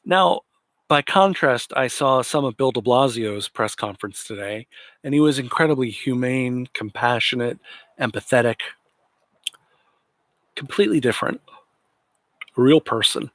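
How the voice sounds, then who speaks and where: A man's voice: mid-range voice, normal speed, long pauses, fairly bright tone, no echo. A man hosting a political commentary livestream, talking in an indignant, sarcastic way. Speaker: livestream host.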